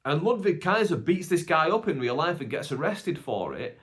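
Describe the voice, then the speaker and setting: A man's voice: on the high side, sing-song, moderate pace, a bit bright. A British man hosting a casual solo podcast, telling a long story in a chatty, rambling way with many asides. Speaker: podcast host.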